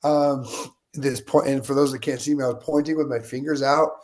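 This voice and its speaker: An American man, a guest on an interview, tells stories with lots of energy and acts out what other people said. His voice sits at a medium pitch and he speaks fairly quickly.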